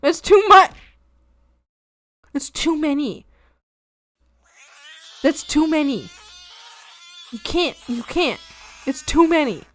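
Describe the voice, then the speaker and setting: Giggly high-voiced woman streamer. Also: expressive, takes it slowly, long pauses, a bit bright, a little hiss or hum. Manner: playful and giggly, teasing chat in mock scolding. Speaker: art streamer. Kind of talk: casual live-stream chat thanking viewers.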